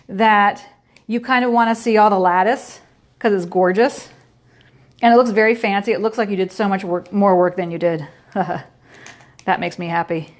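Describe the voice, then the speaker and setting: A middle-aged woman hosting a baking show, giving a chatty, playful cooking demonstration with little sound effects. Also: a little high.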